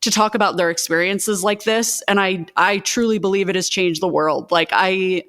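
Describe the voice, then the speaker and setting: A woman's voice: mid-range voice, fairly even intonation, normal speed, fairly bright tone. Impassioned woman advocate on a panel. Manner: impassioned, speaks in bursts with restarts. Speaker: advocacy group co-founder. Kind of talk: panel conversation.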